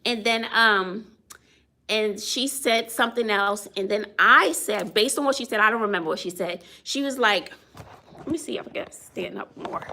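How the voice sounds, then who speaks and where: A woman's voice: mid-range voice, moderate pace, creaky, pushed and bright. A woman who is a teacher, chatting casually to viewers on a phone livestream, laughing often and greeting people as she tells a story.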